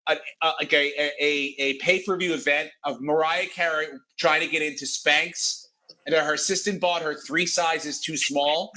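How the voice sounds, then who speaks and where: Rambling high-voiced comic man. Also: fairly even intonation, normal speed, pushed and bright. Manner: rambling, stumbling through setups. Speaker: comedian panelist. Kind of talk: riffing comedy chat.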